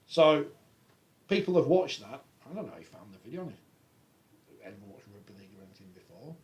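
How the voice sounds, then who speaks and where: A man's voice: a little high, big pitch swings, a little fast, a little mellow. An English man co-hosting a rugby league podcast, chatting casually and reading out viewer comments. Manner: reads viewer comments aloud, conversational. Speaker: podcast co-host. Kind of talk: casual panel chat.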